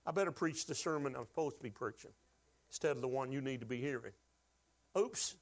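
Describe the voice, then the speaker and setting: A man's voice: medium pitch, fairly quick. A man preaching a sermon to his church, folksy and joking, asking the congregation to call out answers. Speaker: pastor.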